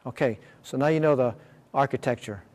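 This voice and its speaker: A man presents a workshop with slides in a school room, speaking fairly quickly in a mid-range, darkish voice. He explains each step with plenty of fillers and check-ins, and the recording has a long hall reverb.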